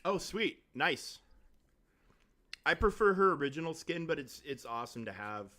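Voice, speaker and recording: Speaking at a moderate pace in a slightly high, sing-song voice that sounds pushed and bright, a man chats casually while gaming on a live stream at his home desk. He rambles, cuts himself off, and restarts sentences, captured by a desk mic on a stand.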